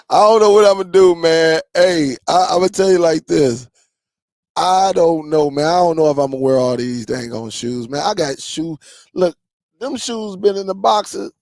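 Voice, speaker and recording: A man's voice: fairly high pitch, a little mellow, no room sound. A man hosting a casual live stream, reading viewer comments and bantering with loose, laughing slang.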